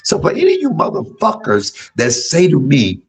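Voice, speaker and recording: A man in his fifties hosting a livestream, talking in a blunt, profane personal monologue that swings between loud outbursts and low murmurs. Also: huge pitch swings, moderate pace, husky, poor audio. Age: 50s. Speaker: livestream host.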